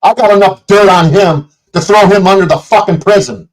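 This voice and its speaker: A streamer whose voice sits high talks fairly quickly while shouting a profane, hostile rant at commenters and critics. The poor audio comes from his streaming setup mic.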